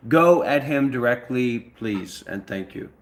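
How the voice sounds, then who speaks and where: A man's voice: medium pitch, expressive, a little slow, a little hiss or hum. A man hosting, giving rambling and repetitive instructions to push a role-play along. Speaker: host directing a voice role-play. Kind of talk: casual instructions.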